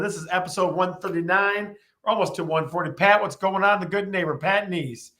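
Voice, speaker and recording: Energetic guy hosting a live real estate stream, kinda high voice, says stuff twice. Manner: energetic, repeats questions to the chat. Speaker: real estate show host. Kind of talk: live-stream show talk.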